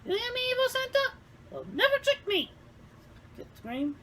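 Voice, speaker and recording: A woman voicing an excitable young boy in a homemade story reading. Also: extremely high pitch, normal speed, pitched above the performer's own voice, heavily acted. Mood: excited.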